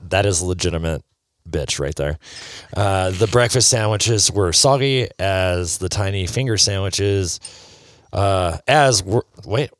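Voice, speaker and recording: A man co-hosting a podcast in casual chat, with a wry, deadpan way of talking. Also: low voice, no echo. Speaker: podcast co-host.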